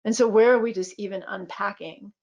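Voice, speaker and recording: A woman in her fifties talks on a video-call webinar as a guest physician and midwife. She tells stories in a thoughtful, meandering way and often pauses on fillers. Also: medium pitch, steady tone, a little mellow, highs cut off. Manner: reflective storytelling with frequent fillers. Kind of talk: webinar conversation.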